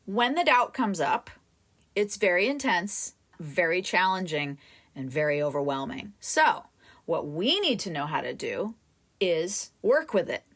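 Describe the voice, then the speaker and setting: A woman acting coach leading a live coaching session, talking straight to a student in an animated way. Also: on the low side, measured pace. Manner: animated, talks directly to a student.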